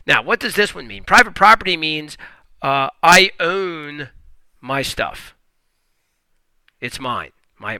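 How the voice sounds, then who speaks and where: A man's voice: fairly high pitch, vocal fry, sharp tone, dry recording, low-quality recording. A man teaching economics in a recorded podcast lecture, explaining emphatically and often restarting his sentences.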